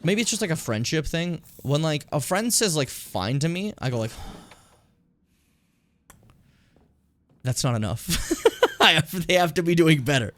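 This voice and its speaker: A man streaming a game, chatting and rambling in a casual, animated way between game lines. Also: fairly high pitch, slow pace, pauses often. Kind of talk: casual gameplay commentary.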